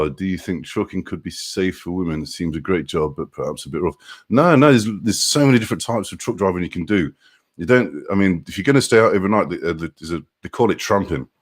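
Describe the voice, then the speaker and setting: A man's voice: low voice, fast. A man who drives trucks, casually chatting on a live stream, reading out viewer comments, greeting people by name and laughing often.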